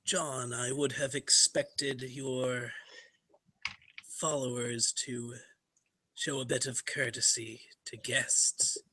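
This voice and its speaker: A man narrating as game master in a tabletop role-play, slow and deliberate. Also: mid-range voice, sharp tone, slightly rough, no room sound, rough recording.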